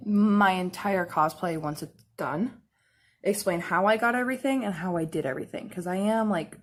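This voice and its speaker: Young woman rambling thru her makeup routine, kinda husky breathy voice, lots of "like"s. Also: medium pitch. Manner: rambling, full of "like" fillers and laughs. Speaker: makeup and cosplay vlogger. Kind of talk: casual chat while doing makeup.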